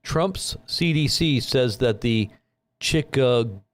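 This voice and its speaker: Guy doing a news livestream, low voice, slow and rambly, reads headlines and chats to himself. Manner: rambling, thinks aloud while reading headlines. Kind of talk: casual livestream news commentary.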